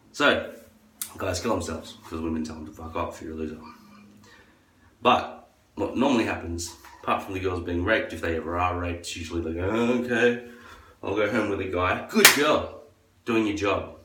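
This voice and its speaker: A man's voice: fairly bright tone, a little hiss or hum. A man delivering a crude, profane, rambling monologue as a vlogger. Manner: crude, profane ranting; acts out others in a high falsetto. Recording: echoey room, far from the mic.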